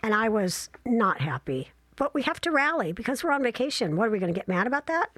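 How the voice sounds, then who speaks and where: A woman in her sixties telling a casual travel story, chatty and self-deprecating with animated asides. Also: on the high side, fast, dry recording.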